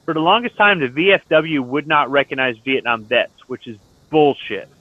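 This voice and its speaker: Chatting in an online lobby, this middle-aged man, a Marine veteran, swaps blunt, profane stories at a normal speed. His voice runs a little high, and the recording is dry, with the tinny quality of phone-like voice chat.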